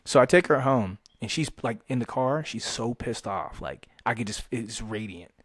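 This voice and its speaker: A man's voice: mid-range voice, normal speed, husky, no room sound, studio quality. A young man co-hosting a podcast, telling a story in casual chat, swearing and acting out quotes. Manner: animated, swearing, acts out quotes with laughs.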